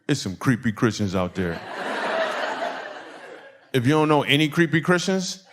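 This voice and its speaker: A man's voice: medium pitch, very animated, moderate pace, noisy background. A man from Michigan doing a stand-up comedy set, telling a story and acting out the people in it. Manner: storytelling with acted-out quotes and audience laughs.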